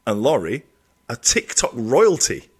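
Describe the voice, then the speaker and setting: A man's voice: mid-range voice, huge pitch swings, a little slow, a little mellow, slightly rough. An English man co-hosting a podcast, chatting and teasing his co-host in casual banter. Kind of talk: casual chat.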